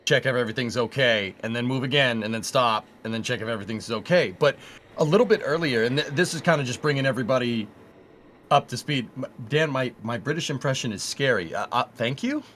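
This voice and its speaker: A man's voice: mid-range voice, fast, a bit bright, a little hiss or hum. A man co-hosting a livestream in casual conversation. He explains things in a loose, rambling, easygoing way. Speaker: livestream co-host.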